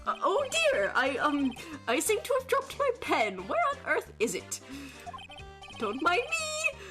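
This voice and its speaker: A woman's voice: extremely high pitch, huge pitch swings, a little slow, music in the background, voice pushed up, exaggerated voice. Woman as an elderly, easily rattled male judge, stammering. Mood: flustered.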